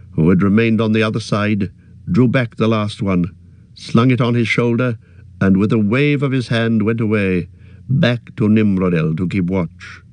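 A man reading a fantasy novel aloud in a steady, unhurried storytelling manner. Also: on the low side, dry recording. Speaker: audiobook narrator. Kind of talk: scripted narration.

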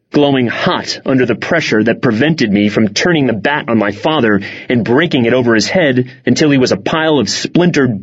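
A man narrating a first-person story for an audiobook in a measured, tense manner. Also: mid-range voice, lo-fi sound.

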